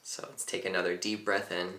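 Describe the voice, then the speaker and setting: A man guides a breathing meditation in a calm, unhurried voice, gently instructing as he goes. His voice is low yet bright and clear, and the room adds a noticeable echo. He is a meditation teacher.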